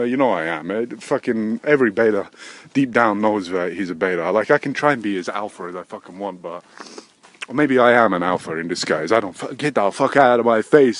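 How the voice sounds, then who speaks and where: A man in his thirties hosting a rambling solo podcast, swearing constantly, drifting between low mutters and sudden loud outbursts. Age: 30s. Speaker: podcast host. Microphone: desk microphone.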